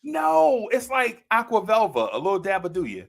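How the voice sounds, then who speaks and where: A man in his fifties with a gravelly, slightly high voice spins stories in a loose, slangy chat. He is animated and laughs often as he talks, and his voice keeps its gritty texture throughout. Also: normal speed. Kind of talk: casual storytelling chat.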